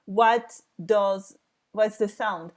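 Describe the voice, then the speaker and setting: A woman's voice: medium pitch, extremely slow. A French woman in her thirties with a French accent, teaching a reading lesson for learners, repeating words and sounding them out with care. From France.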